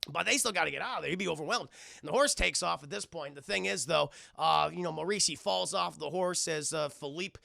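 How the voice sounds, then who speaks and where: A man casually recapping a film to his live chat, rambling and swearing with animated asides. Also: a little high, a little fast, gravelly, no echo, clean studio sound. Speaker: streamer film reviewer.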